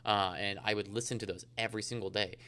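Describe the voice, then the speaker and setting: Brief: man, podcast guest, rapid rambling delivery, smooth crisp voice, lowish pitch. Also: steady tone, pushed and bright. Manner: fast, rambling storyteller with many fillers. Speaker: insurance agent guest. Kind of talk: casual podcast interview.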